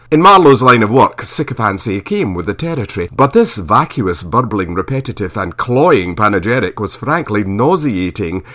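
A man's voice: lowish voice, very animated, moderate pace, hardly any pauses, fairly bright tone. A man narrating a historical story in a dry, wry storytelling manner. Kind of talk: audiobook narration.

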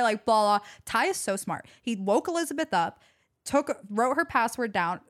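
Young woman guest on a podcast, kinda high voice, says like a lot, just chatting. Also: animated, normal speed. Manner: chatty, lots of "like" fillers. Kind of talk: casual chat.

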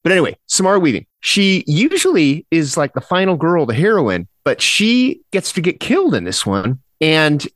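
Male podcast host, lively swinging delivery, laughs a lot, dry close sound. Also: on the high side, normal speed, no room sound. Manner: animated, laughs often, restarts sentences. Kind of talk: casual horror podcast chat.

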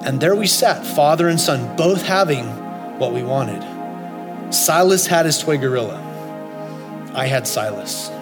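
A man in his forties preaching a sermon, telling a story with loud high bursts and soft low asides. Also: lively intonation, a little slow, long pauses. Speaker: pastor. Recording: long hall reverb, faint music.

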